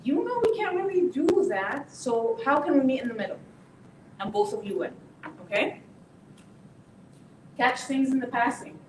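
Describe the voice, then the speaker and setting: Woman giving a lively parenting talk. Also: high-pitched, moderate pace, long pauses. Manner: lively, acts out parent and teen voices, repeats "okay?". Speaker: parenting workshop speaker. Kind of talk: parenting lesson to an audience. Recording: echoey room, voice from a distance, faint noise.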